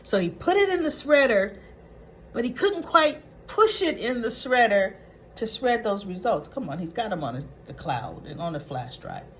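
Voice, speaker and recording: A woman's voice: medium pitch, very animated, moderate pace, slight background noise, poor audio. A woman hosting a casual soap opera recap, chatting through the episode and acting out the characters' lines as she goes. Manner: chatty, retells scenes acting out quoted lines.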